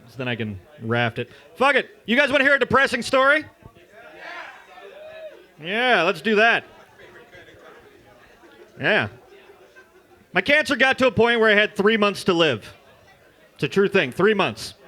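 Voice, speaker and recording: Loud, bright-voiced stand-up comic. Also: male voice, high-pitched, big pitch swings, measured pace, pauses often, a faint crowd. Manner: crude, loud, jokey storytelling. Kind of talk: stand-up comedy set. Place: open mic stage at a bar.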